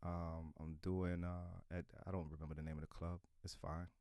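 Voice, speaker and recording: A middle-aged man, a comedian guest, talking casually and animatedly on a podcast, now and then breaking into loud impressions. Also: sits low, little pitch movement, normal speed, no echo, clean studio sound.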